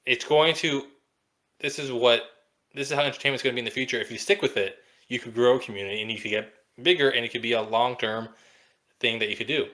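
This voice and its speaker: Fast-talking young man co-host. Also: mid-range voice, steady tone, pushed and bright. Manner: fast, joking, acts out quotes. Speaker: podcast co-host. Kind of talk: casual chat.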